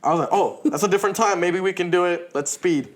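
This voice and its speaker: A man's voice: high voice, fast. A man co-hosting a podcast, telling a long story in casual chat, laughing often and swearing freely. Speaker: podcast co-host.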